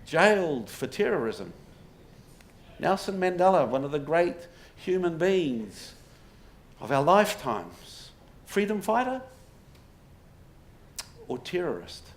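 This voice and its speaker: Wry New man lecturing. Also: high voice. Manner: storytelling with wry humour and rhetorical questions. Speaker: associate professor giving a public talk. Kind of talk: public lecture. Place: pub before a live audience. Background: audience laughter, faint room noise.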